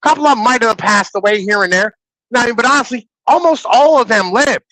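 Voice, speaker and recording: A man in his thirties talking in a casual, animated and profane way on a podcast, often asking "you know what I'm saying". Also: very high-pitched, fast, no echo, poor audio.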